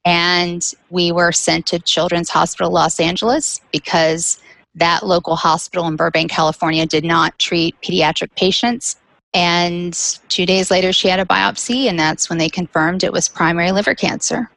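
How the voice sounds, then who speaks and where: Low gravelly woman telling her story. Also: steady tone, moderate pace, fairly bright tone, no echo, poor audio. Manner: candid, with light laughs between serious points. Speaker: guest, cancer caregiver. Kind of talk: personal storytelling.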